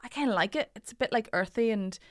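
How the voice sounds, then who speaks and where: A woman chatting casually as a podcast guest, relaxed and laughing, often trailing off quietly. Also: on the high side, fast talker, no room sound, clean studio sound. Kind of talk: casual chat.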